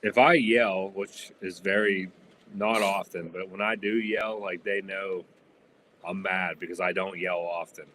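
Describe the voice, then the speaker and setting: A man's voice: low voice, fairly even intonation, measured pace, sharp tone, slight background noise. A man co-hosting a casual chat, rambling with lots of fillers.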